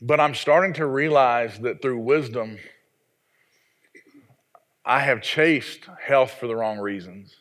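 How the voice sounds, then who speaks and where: A man's voice: medium pitch, slow pace, pauses often, a bit bright. Folksy Southern pastor in his forties. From American South. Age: 40s. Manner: folksy, self-deprecating storytelling with repeated restarts. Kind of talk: sermon.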